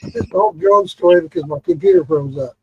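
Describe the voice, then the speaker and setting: A man's voice: a little high, wildly swooping pitch, fast talker, gravelly, slightly rough, highs cut off. A man from Missouri chatting casually and laughing easily on a podcast. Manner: laughing, easygoing. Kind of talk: casual chat.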